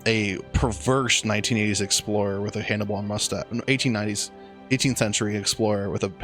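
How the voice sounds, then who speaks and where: A young man improvising a silly story on a podcast, rambling and excitable with plenty of swearing. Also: fairly low pitch. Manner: rambling, excitable, swears a lot, many restarts.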